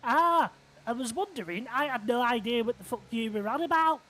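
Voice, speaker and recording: Man doing an eager excitable young driver. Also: extremely high pitch, brisk, exaggerated voice. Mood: cheerful. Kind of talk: game role-play.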